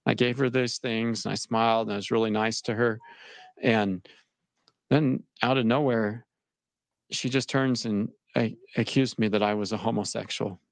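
Young man, low and gravelly, halting and shaken delivery, dry recording. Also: fairly even intonation, no room sound. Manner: halting, repeats words, shaken. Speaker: interviewee recounting his experience. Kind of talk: emotional personal account.

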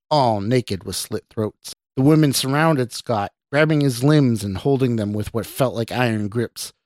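Male host-narrator for a horror podcast, steady mid-range read, dry sound. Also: mid-range voice, dry recording.

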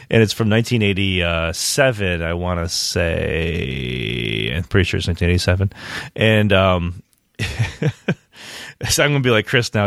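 A man's voice: sits low, fairly bright tone, dry recording, studio quality. A man co-hosting a podcast in easygoing casual chat, laughing often. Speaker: podcast co-host.

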